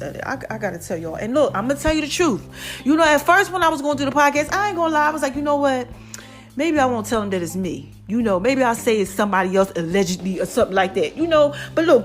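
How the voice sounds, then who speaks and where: High-voiced chatty woman podcast host. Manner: chatty, animated, addresses listeners as babies. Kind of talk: casual storytelling monologue.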